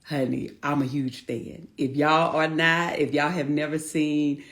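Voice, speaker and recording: A woman in her forties chats casually on her own livestream, speaking into a phone or laptop mic. She greets viewers by name, calls them honey, and keeps up a friendly, excited patter while waiting for her guest. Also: deep voice, measured pace. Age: 40s. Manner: warm, chatty Southern-style greetings, calls viewers honey and y'all. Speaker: livestream host.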